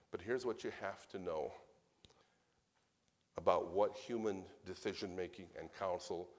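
A man with a very low, deep voice preaches a sermon. He talks in an earnest, emphatic way, dropping into plain conversational asides before surging loud on the key points. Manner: earnest, emphatic preaching with sudden swells in loudness.

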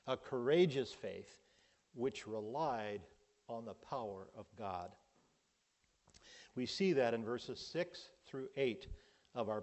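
A middle-aged man preaching a sermon, slow and emphatic, with sudden loud rises for emphasis. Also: medium pitch. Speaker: pastor.

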